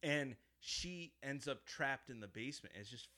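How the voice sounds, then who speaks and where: A man in relaxed conversation walks through a horror film he has seen. His voice sits at an ordinary middle pitch. He tells it with lively animation, swears freely, and drops into little acted-out lines along the way. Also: normal speed. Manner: animated storyteller, acts out quotes, swears often. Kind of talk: casual chat, retelling a horror film.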